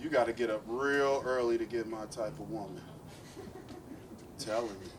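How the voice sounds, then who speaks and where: A man's voice: fairly low pitch, fairly even intonation, moderate pace, background noise. A man from East Oakland doing a profane stand-up comedy set with playful asides. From East Oakland, California. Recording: live club set, distant mic, loud crowd.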